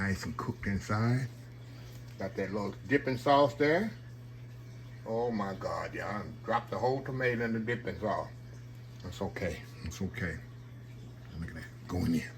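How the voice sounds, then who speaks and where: A man's voice: fairly low pitch, lively intonation, a little slow, long pauses, background noise. A man hosting a casual home cooking demo, chatty and saying "y'all" a lot. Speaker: home cook channel host. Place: home kitchen, frying on the stove. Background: frying sizzle.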